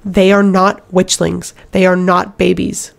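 A terrified young servant girl stumbles through her words, her voice catching and breaking, as a woman narrator puts her on. The tone carries a gravelly roughness. It sits in an audiobook reading. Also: on the low side, level tone. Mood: horrified. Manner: halting, shaken, breaking into sobs. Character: young frightened servant girl, fiery temper.

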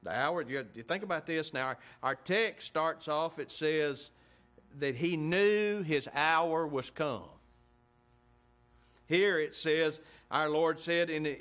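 A pastor delivers his sermon in a fairly high, bright, forceful voice. He keeps tossing rhetorical questions to the congregation and reads scripture aloud in old-fashioned wording, pushing his emphasis up as he goes. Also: very animated, slow.

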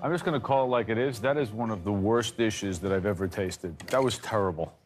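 Blunt low-voiced male judge. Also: brisk, noisy background. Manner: blunt, harsh verdicts. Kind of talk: judging on a cooking show. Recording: music bed under speech.

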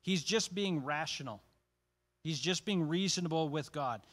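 A man's voice: fairly high pitch, measured pace, a bit bright. A man leading a church Bible study in a casual, conversational teaching style, with joking asides and frequent restarts.

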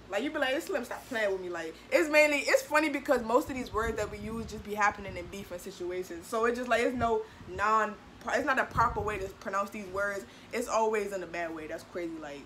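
A young woman with a DMV accent explaining slang in casual chat, animated and acting out quotes in a high voice. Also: slight background noise, poor audio. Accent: DMV Black American English. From DMV area, US.

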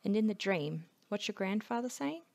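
A woman voicing a calm male psychiatrist who questions in a measured, coaxing way, in a storybook reading. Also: sits high, vocal fry, pitched above the performer's own voice. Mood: probing.

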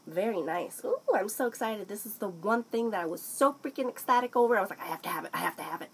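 A young woman chatting excitedly through a makeup haul, often breaking into snippets of song and playful put-on accents. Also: medium pitch, a little hiss or hum, rough recording. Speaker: beauty vlogger. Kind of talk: casual makeup haul chat.

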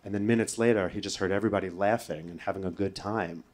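A male comedian telling a story on stage in an animated way, swearing freely and breaking into impressions. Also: sits low, quick pace. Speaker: stand-up comedian. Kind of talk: stand-up storytelling. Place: stage before a live audience.

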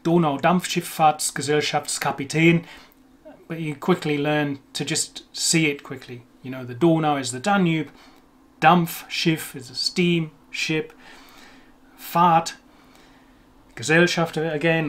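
A young man hosting a language video, talking casually and self-deprecatingly, slowing down to demonstrate words. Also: a little high, steady tone, fairly bright tone. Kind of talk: casual explanatory talk on pronunciation.

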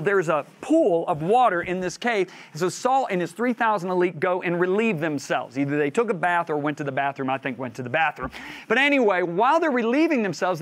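A man with a notably high voice teaches a Bible lesson through lively storytelling. He acts out the voices of the people in his stories and drives his points home by repeating phrases. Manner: animated storyteller who acts out quoted voices; builds emphasis by repeating phrases.

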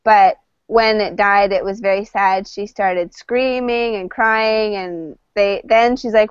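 A woman's voice: mid-range voice, fairly even intonation, normal speed, smooth, no room sound. Canadian woman, conversation teacher, casual and filler-heavy, dull lo-fi call sound. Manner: chatty, with frequent fillers and restarts. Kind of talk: casual storytelling to a class.

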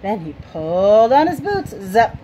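A woman's voice: mid-range voice, muffled recording. A woman reading a picture book aloud to children, with sound words and questions for her listeners. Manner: slow, animated, asks listeners questions. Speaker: storytime reader. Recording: noisy home recording.

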